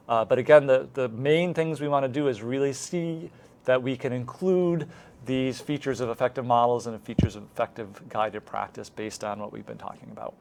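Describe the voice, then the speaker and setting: A man instructor talks through a lesson plan in a recorded lecture. He explains each step and models the exact wording a teacher would say. His voice sits at an average pitch.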